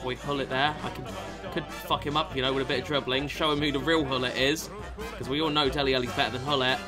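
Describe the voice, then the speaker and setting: A young man giving sweary, excitable commentary over his own gameplay, swinging from mutters to shouts. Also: mid-range voice, quick pace. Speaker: gaming YouTuber. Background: background music.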